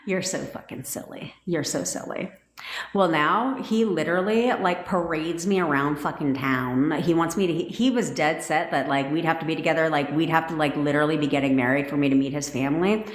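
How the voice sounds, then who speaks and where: A woman talking casually on a livestream as a manifestation coach, blunt, profane and excitable. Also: sits low, fairly quick, hardly any pauses, roomy sound.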